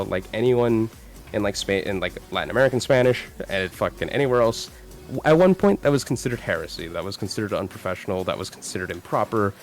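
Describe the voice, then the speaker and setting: Low gravelly man ranting profanely. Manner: profane, animated ranting with many restarts. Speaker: streamer co-host. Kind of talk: casual live-stream chat.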